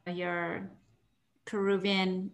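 A woman's voice: medium pitch, little pitch movement, extremely slow, gravelly. A woman interviewer who asks encouraging questions, with small hesitations. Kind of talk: interview conversation.

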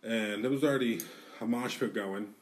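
A man's voice: fairly low pitch, moderate pace, a little hiss or hum. Profane man telling a wild story. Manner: animated, profane, acts out quotes. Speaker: podcast co-host. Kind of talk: casual storytelling. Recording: distant mic in a studio.

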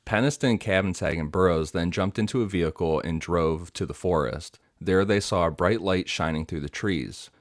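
Podcast host, male, very low voice, dry close sound, relaxed storytelling. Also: moderate pace, few pauses, dry recording. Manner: reads story details with asides and fillers. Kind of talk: casual storytelling from notes.

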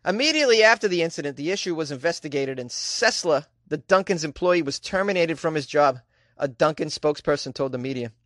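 A man's voice: on the high side, animated, a little fast, fairly bright tone, no room sound. A man reading news items in an exaggerated Boston accent, with mock-outraged asides. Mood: mock-serious. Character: man doing an over-the-top Boston-accented news reader.

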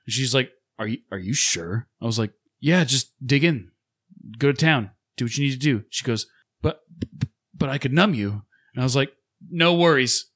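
A man's voice: medium pitch, lively intonation, normal speed, fairly bright tone. A man in his thirties co-hosting a podcast, telling a rambling, profane story in casual chat and acting out what other people said. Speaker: podcast co-host.

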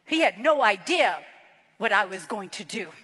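A woman giving an emotional sermon testimony, telling her story slowly and dramatically with hushed drops. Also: medium pitch, sing-song, slightly rough. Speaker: preacher. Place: large hall, played from an archived clip. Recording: reverberant hall sound.

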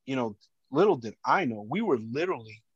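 A man, a former police officer and podcast guest, earnestly recounts a harrowing personal story, often halting and restarting. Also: mid-range voice, animated, breathy edge, dry recording. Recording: dull lo-fi dry sound.

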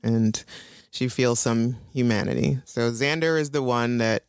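A woman co-hosting a casual chat that recaps a TV episode, animated, laughing often and swearing as she acts out the characters. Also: rumbling low, a little slow, clear, resonant tone, no echo, clean studio sound. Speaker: podcast co-host.

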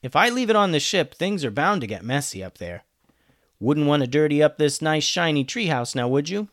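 A man's voice: a little high, sing-song, fairly quick, a bit bright, no echo. A man voicing a dry-humoured teenage brother in a storybook. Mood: wry. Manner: dry, joking. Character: wry teenage pirate brother.

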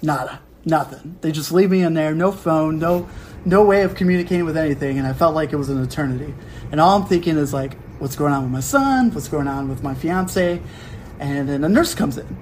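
A young man hosting a casual podcast from home, telling a story in an animated way and acting out quick quotes. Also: fairly high pitch, slight background noise, poor audio. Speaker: podcast host. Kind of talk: casual chat.

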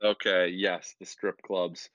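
A man's voice: deep voice, level tone, slow pace, a bit bright, no echo. A man co-hosting a podcast, chatting casually about sports in a joking, rambling, self-deprecating way. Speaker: podcast co-host. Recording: dull lo-fi dry audio.

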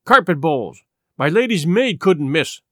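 Stern middle-aged sea captain, clipped commands, fairly high voice, dry as read by a man. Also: very animated, a little slow, dry recording. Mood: commanding. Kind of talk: audiobook character voice.

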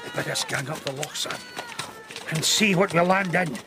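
A man's voice: a little high, moderate pace, noisy background, close to an everyday voice. A man voicing a fearful Scottish servant. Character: fearful Scottish servant Andrew, gloomy and superstitious. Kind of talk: radio drama acting.

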